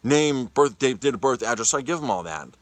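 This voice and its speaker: A man telling a personal story in a casual vlog, animated, often stumbling over and repeating his words. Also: mid-range voice, a little fast, no echo. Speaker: chef and cyclist vlogger.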